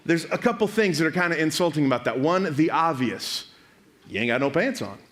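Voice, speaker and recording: A young man preaching a casual youth sermon, telling the story with jokes and acting out quick bits of dialogue. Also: high voice, a bit bright.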